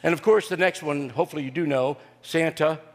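An older male pastor with a slightly high voice delivers a homespun sermon full of humor and filler pauses. His voice rings with the long reverb of a large hall. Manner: folksy and joking, with frequent "uh" fillers. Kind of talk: sermon with personal storytelling.

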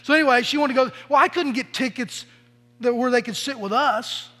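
A man's voice: extremely high pitch, fairly quick, sharp tone. A middle-aged man preaching a sermon as a pastor, telling stories in a conversational way and acting out the quoted voices. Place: church sanctuary. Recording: long reverb of a large hall.

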